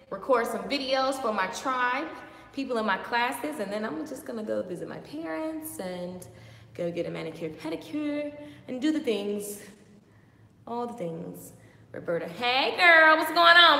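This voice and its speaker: A woman giving a lively, chatty motivational talk on a live stream, greeting viewers by name. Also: on the high side. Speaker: motivational vlogger. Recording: echoey with long reverb.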